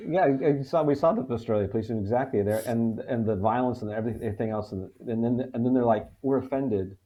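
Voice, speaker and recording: A man's voice: mid-range voice, quick pace, mellow, dull audio. Panel guy, stop-start talking, dry little asides. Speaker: comedian panelist.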